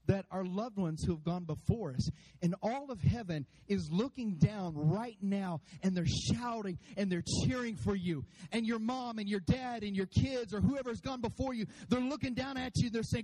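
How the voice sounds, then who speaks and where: High-voiced animated preaching man. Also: moderate pace, rough recording. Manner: animated preaching, acts out voices, calls to congregation. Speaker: pastor. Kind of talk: sermon. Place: church sanctuary.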